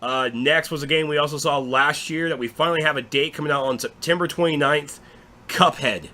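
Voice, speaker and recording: A man hosting a casual recap of game news, excitable and swearing freely. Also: on the high side, brisk. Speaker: gaming show host.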